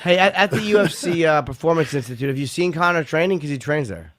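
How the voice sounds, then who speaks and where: A man's voice: fairly high pitch, expressive, quick pace, a bit bright, no room sound, clean studio sound. A man co-hosting a podcast, asking short, easygoing questions. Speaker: podcast co-host. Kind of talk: casual podcast chat.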